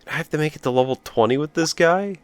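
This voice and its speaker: A man's voice: fairly high pitch, fast, clean tone, no echo. A man telling a rambling story while playing a video game, breaking off to react to the game. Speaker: let's play commentator. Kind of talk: casual storytelling over gameplay.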